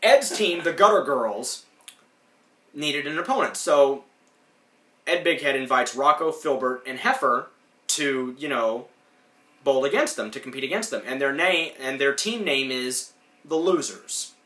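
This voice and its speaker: A man's voice: medium pitch, measured pace, pushed and bright. A man hosting a podcast, giving a casual, rambling, enthusiastic recap of a cartoon, full of fillers. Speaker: podcast host. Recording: roomy echo.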